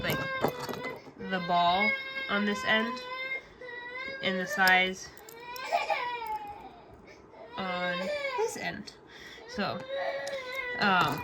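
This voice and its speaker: A young woman chatting casually in a home craft vlog, rambling with lots of fillers and breaking off to play with her baby. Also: mid-range voice. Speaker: vlogger, crafter. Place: home room. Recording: home video with steady noise.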